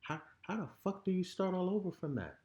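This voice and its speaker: A man's voice: sits high, very animated, brisk, a little mellow, lo-fi sound. A man talking candidly as a podcast guest, blunt and heated, with frequent swearing. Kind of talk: raw candid conversation. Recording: roomy echo.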